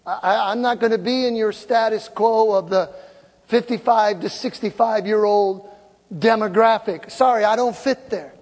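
A woman's voice: mid-range voice, moderate pace. A woman in her sixties preaching an emphatic, exhorting sermon to her congregation. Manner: emphatic, exhorting, breaks into loud laughter and shouts. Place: church sanctuary with congregation. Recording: long hall reverb with congregation murmur.

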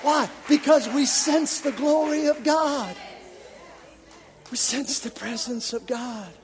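A man's voice: very high-pitched, takes it slowly. A man preaching a sermon as a worship leader, impassioned and emphatic. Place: church sanctuary. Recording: long reverb of a large hall.

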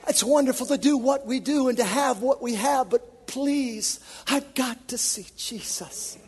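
A man's voice: very high-pitched, a little slow, breathy edge. A man preaching a sermon as a worship leader, impassioned and emphatic. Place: church sanctuary. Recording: long reverb of a large hall.

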